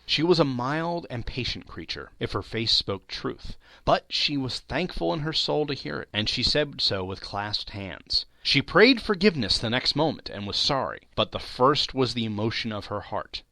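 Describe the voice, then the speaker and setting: A man reading a classic novel aloud as an audiobook narrator, expressive and shifting his voice for the characters in quotes. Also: mid-range voice, moderate pace, few pauses, dry recording. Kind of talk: scripted narration.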